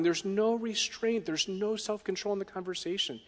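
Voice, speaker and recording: A man's voice: high voice, normal speed, hardly any pauses. A man preaching a sermon as a pastor, often asking the congregation questions. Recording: long hall reverb.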